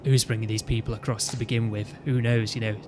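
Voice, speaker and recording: A man's voice: mid-range voice, flat delivery, quick pace, background noise. A man, chatting casually and ranting in a rambling way, often restarting his sentences. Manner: rambling, with frequent restarts and "you know what I mean". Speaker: gaming video host.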